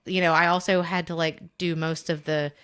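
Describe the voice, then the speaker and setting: A woman's voice: lowish voice, little pitch movement, moderate pace, a bit bright, smooth. A young adult woman co-hosting a podcast, telling stories in a loose, rambling way full of fillers and quoted voices. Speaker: podcast co-host. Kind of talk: casual chat.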